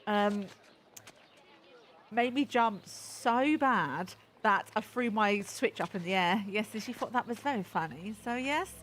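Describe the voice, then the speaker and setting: A woman's voice: medium pitch, animated, measured pace, a bit bright, a little hiss or hum. A woman hosting a gaming channel, chatting and giggling to herself as she plays. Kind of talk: game playthrough commentary.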